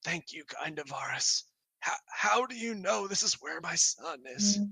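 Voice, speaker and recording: A man's voice: fairly high pitch, expressive, measured pace, gravelly, pushed and bright, slightly rough, no echo, pitched above the performer's own voice, exaggerated voice. A man doing a weeping old kobold father. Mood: grieving. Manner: tearful, pleading.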